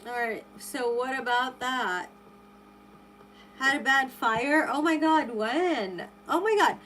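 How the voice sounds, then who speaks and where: A woman's voice: high voice, slow, a bit bright, slight background noise, rough recording. A woman running a live tarot stream, chatting with viewers and reacting with lots of exclamations and rambling restarts. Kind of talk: live stream chat reading viewer comments.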